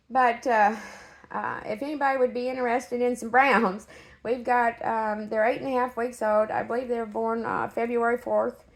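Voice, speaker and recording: Shaken, halting woman dog breeder. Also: fairly high pitch. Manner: halting, with many fillers and restarts. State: emotionally shaken. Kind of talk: casual direct-to-camera update.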